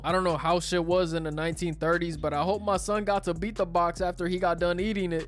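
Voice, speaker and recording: A man with a noticeably high voice tells a movie's story as a running comedy bit. He is crude and slangy, tossing out jokes between plot beats in a loose, irreverent recap.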